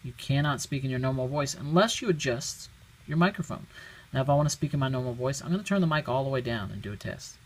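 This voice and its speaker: A man's voice: mid-range voice, lively intonation, fast. A man giving a casual how-to demonstration, explaining each step plainly and thinking aloud. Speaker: product demonstrator. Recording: very noisy home recording.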